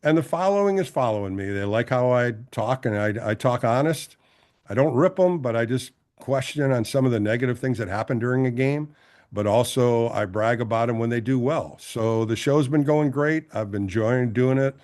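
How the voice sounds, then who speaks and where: A man's voice: mid-range voice, moderate pace. Older guy, ex-ballplayer, telling stories in a podcast chat, lots of voices for the people he quotes. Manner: animated storyteller who acts out quoted voices. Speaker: guest, former pitcher and broadcaster. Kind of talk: casual storytelling interview.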